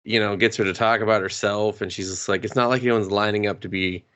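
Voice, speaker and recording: A man co-hosting a podcast, casually retelling a movie with swearing and quick put-on voices. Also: lowish voice, fairly even intonation, a bit bright. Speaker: podcast co-host. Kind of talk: casual movie review chat.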